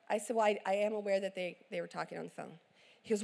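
A woman's voice: mid-range voice, a little fast, vocal fry. Woman preacher telling a family story. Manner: animated storyteller acting out voices. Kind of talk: sermon storytelling.

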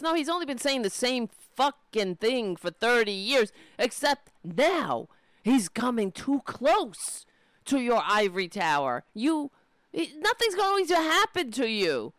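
A woman's voice: a little high, big pitch swings, unhurried, a bit bright, no room sound. A woman ranting in angry, profane, sarcastic commentary as she reacts to political clips.

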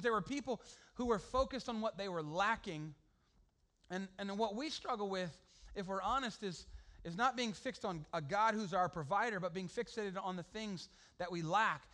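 A man preaching a sermon to a congregation, animated and joking with the crowd. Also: sits high, moderate pace. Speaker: pastor.

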